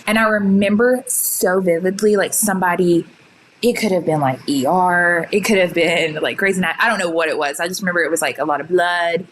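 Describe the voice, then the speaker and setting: A young woman telling her own story in casual chat, full of "like" fillers and quick retellings. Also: fairly low pitch, a bit bright, a little hiss or hum, rough recording. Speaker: guest sharing her story.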